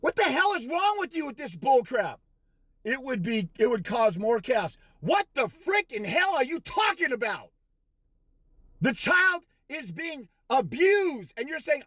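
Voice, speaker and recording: A man with a strikingly high voice tears into his audience in a furious, profane rant that keeps breaking into shouts. The sound is close and dry, with no room around it. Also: very animated, moderate pace, no room sound. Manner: aggressive, insulting, with shouted bursts; mocking put-on quotes of others. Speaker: fathers' rights consultant. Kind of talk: angry profane rant to camera.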